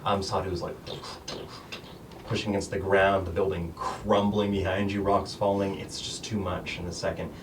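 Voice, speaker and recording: A man's voice: deep voice, level tone, normal speed. A man narrating as game master of a tabletop game, rambling with many fillers. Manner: rambling, filler-heavy, laughing often. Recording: distant mic, faint noise.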